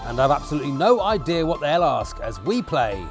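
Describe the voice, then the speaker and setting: Lively man presenting over music. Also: a little high, brisk. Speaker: show presenter. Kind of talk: podcast intro presenting. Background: music bed.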